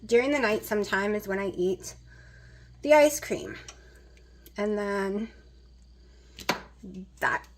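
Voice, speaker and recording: A woman's voice: fairly high pitch, fairly bright tone, slight background noise. A woman chatting casually as she cooks in her home kitchen, rambling with plenty of fillers. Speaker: vlogger. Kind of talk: casual kitchen vlog chat.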